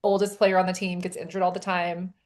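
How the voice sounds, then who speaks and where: A woman's voice: lowish voice, a little fast. A woman co-hosting a casual chat, an author animatedly recounting a scene from her book, heavy with "like" and acted-out dialogue. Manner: animated storytelling with frequent "like" and quoted dialogue. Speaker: podcast co-host and romance author.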